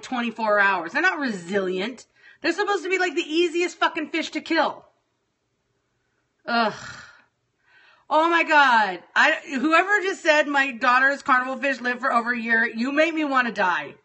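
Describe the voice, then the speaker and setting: A woman's voice: sits high, bright, forceful tone. A middle-aged woman chatting casually to her viewers on a livestream, scattered, exasperated and swearing freely. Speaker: livestream host.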